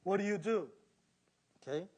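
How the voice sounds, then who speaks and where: A man's voice: high-pitched, normal speed, a little mellow. A middle-aged male pastor giving a sermon, preaching with energy and acting out the voices he quotes.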